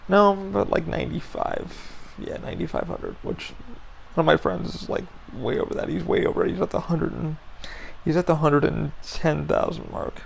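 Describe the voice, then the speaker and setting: Gravelly, fry-heavy man venting. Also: a little high, moderate pace, a little hiss or hum. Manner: frustrated venting, heavy swearing. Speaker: podcast host. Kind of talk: solo podcast monologue.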